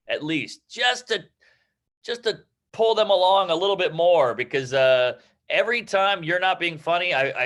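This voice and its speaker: A man's voice: on the high side, a bit bright. A man, a stand-up comedian, giving brash, self-mocking advice to a class in casual, profane chat. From New York. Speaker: guest comedian.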